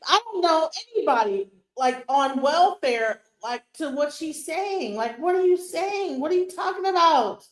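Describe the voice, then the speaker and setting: Woman, middle-aged, high voice, heated profane rant, streamer commentary. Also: expressive, a little slow, hardly any pauses. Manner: heated, profane, rhetorical questions. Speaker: streamer host. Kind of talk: livestream commentary reacting to a clip. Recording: roomy echo.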